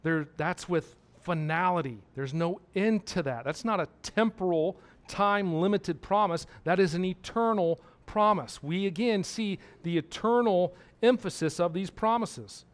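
High-voiced man preaching emphatically. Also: a little slow, hardly any pauses. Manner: emphatic, repetitive, asks the congregation questions. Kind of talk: sermon.

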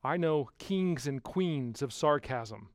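A man preaching a sermon as pastor, putting rhetorical questions to the congregation and swinging from hushed to loud. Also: medium pitch, animated, takes it slowly, no echo, clean studio sound.

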